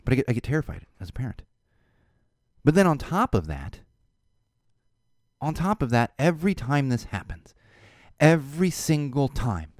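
A man delivers an animated, emphatic monologue with a pitch that rises and falls in lively sweeps. The sound is dry and close, with no room around it. He hammers key words and repeats them when upset. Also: a little slow, pauses often, dry recording. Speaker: show host. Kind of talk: casual monologue.

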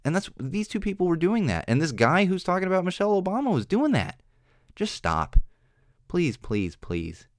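A man's voice: high-pitched, wildly swooping pitch, normal speed, dry recording, studio quality. A young man hosting a solo podcast, rambling with many restarts, earnest and exasperated. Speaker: podcast host. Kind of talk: solo opinion monologue. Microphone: studio microphone.

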